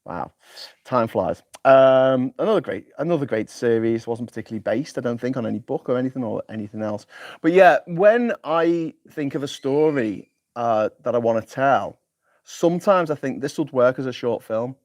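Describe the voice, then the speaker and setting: A man's voice: medium pitch, expressive, normal speed, a little mellow, dry recording, clean studio sound. A man hosting a casual live stream, rambling and self-deprecating, often stumbling and repeating words as he reads comments. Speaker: host.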